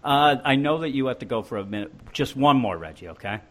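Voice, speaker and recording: A man's voice: mid-range voice, lively intonation, quick pace, fairly bright tone. A man hosting a podcast, riffing in rambling, profane, joking banter. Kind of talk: casual comedic banter.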